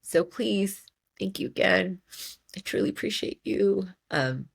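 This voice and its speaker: A woman's voice: mid-range voice, animated, measured pace, gravelly, breathy edge. A young adult woman hosting her own podcast, talking in a heartfelt, tearful way, repeating and restarting her words. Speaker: podcast host. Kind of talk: heartfelt solo podcast monologue.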